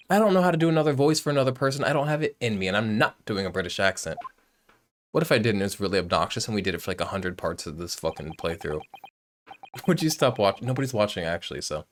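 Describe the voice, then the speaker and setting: A loud man commenting casually on a video game, swearing and joking. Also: lowish voice, animated, fast talker, slight background noise. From United States. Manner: loud, profane, joking asides. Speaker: let's play host.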